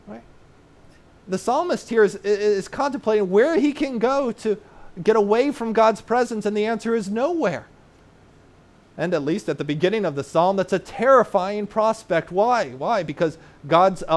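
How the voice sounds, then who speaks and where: Earnest preacher with a high-set voice. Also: male voice, moderate pace. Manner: earnest teaching with frequent "uh" and tag "right?"; explains terms plainly for children in the congregation. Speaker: pastor. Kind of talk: sermon.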